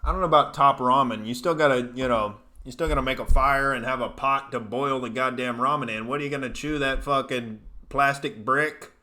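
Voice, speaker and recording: A man with a bright, forceful voice hosts a casual comedy live stream. He rambles through profane, jokey rants between chat comments. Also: mid-range voice, steady tone, fairly quick, hardly any pauses. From United States.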